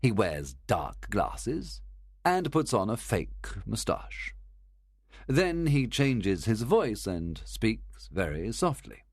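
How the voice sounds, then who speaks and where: Brief: assured detective for an audiobook, measured, lively intonation, dry close sound, a man doing the voice. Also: on the low side, no echo, pitched above the performer's own voice, full character voice. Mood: explaining. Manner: measured, quietly assured explaining. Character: calm, confident older male detective. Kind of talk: audiobook reading.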